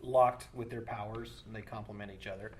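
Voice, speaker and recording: A man and voice actor chatting in a convention interview, telling lively stories about his work and jumping into high cartoon voices. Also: brisk, a little hiss or hum. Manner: animated storyteller, bursts into high cartoon voices. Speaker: voice actor and director. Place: busy convention floor.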